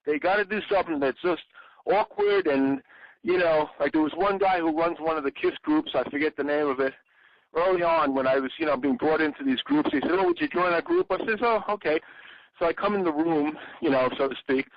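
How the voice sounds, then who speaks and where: Older man telling animated stories. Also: fairly high pitch, fairly quick, vocal fry, no echo. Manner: animated storyteller, acts out quoted lines in a raised voice. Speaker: interview guest, former bandmate and exhibit designer. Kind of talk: casual interview talk, long anecdotes. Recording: dull lo-fi call audio.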